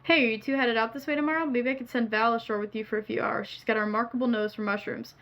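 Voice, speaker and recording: A woman's voice: a little high, fairly even intonation, fast, lo-fi sound. Woman streamer reading game lines aloud. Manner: reads lines in character, playful asides. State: hoarse.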